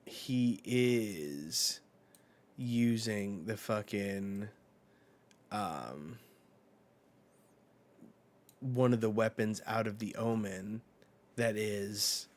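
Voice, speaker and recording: A man's voice: lowish voice, extremely slow, pauses often. A man streaming a live reaction while reading a manga chapter, casual and profane, reading the characters' lines aloud.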